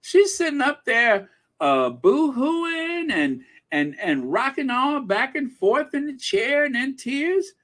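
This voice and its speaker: A man's voice: very high voice, very animated, takes it slowly, fairly bright tone. A man hosting a gossip commentary video, talking in a sarcastic, indignant way. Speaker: commentary channel host.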